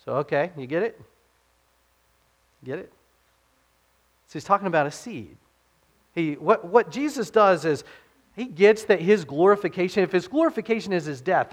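Man, pastor, slightly high voice, casual sermon, rhetorical questions, quotes scripture more softly. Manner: informal, with rhetorical questions to the congregation; drops his voice to quote scripture. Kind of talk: conversational sermon.

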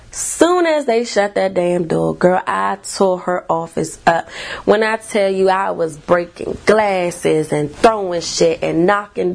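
A woman therapist and podcast host telling a personal story in a blunt, profane, animated way. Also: medium pitch, gravelly. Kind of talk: storytelling monologue.

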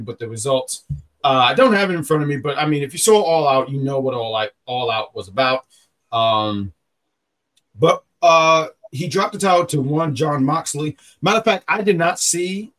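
A man's voice: fairly high pitch, a bit bright. A man hosting a podcast in casual, rambling chat, often stopping to correct himself. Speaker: podcast host.

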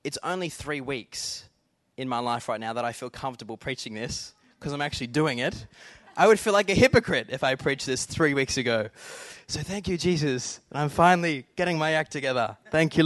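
A man's voice: a little high, normal speed, fairly bright tone, no room sound. A middle-aged man preaching a sermon in an earnest, conversational way, talking directly to the congregation. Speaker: pastor.

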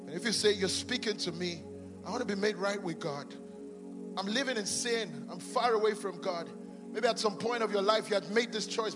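A pastor leading a sermon altar call and prayer in a large church, fervent and repeating blessings over and over. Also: male voice, sits high. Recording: long church reverb with music behind.

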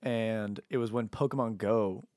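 A young man guesting on a podcast, talking in a halting, laid-back way that trails off. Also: fairly low pitch, steady tone, warm tone, dry recording, studio quality. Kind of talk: casual podcast chat.

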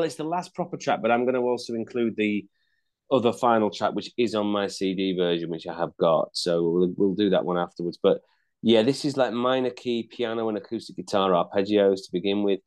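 A man with a slightly low voice talks through an album track by track in casual podcast chat. He wanders, hedges and restarts his sentences, filling gaps with ums and likes. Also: brisk, a little mellow. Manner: chatty, hesitant, many fillers and restarts. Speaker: podcast co-host reviewing an album.

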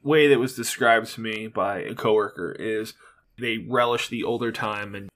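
A man co-hosting a podcast in casual chat, dropping dry, deadpan remarks. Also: lowish voice, normal speed. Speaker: podcast co-host.

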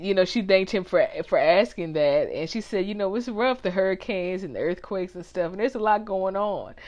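A woman's voice: medium pitch, dull audio. A woman co-hosting a casual talk show, recapping a reality TV episode and laughing often as she talks. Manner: laughs often, chatty storytelling. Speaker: podcast co-host.

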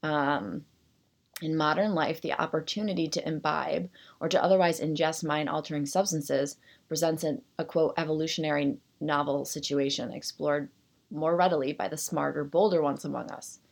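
Low, gravelly-voiced woman podcaster. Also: fairly even intonation, moderate pace. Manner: self-deprecating, rambling asides between read passages. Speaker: podcast host. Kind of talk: solo podcast chat, reading an article aloud.

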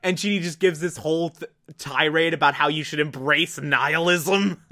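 Giggly man with a bright voice. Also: on the high side, normal speed. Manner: keeps breaking into laughter, swears casually. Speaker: TV episode reviewer. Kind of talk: casual episode recap.

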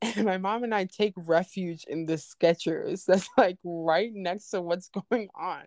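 A woman's voice: lowish voice, unhurried, a little mellow, no echo, studio quality. A young woman telling a story in casual chat, laughing often and acting out the people she quotes. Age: young adult.

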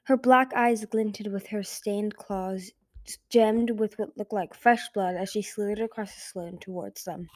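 A woman's voice: mid-range voice, fairly even intonation, measured pace. A woman narrating a fantasy novel chapter as an amateur audiobook, reading carefully and often correcting herself. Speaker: audiobook reader.

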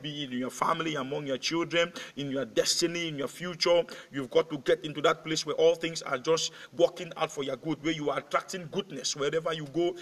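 Male pastor, slightly raised pitch, fervent sermon delivery, long hall reverb. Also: a bit bright. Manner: preaching with repeated rallying calls to the congregation.

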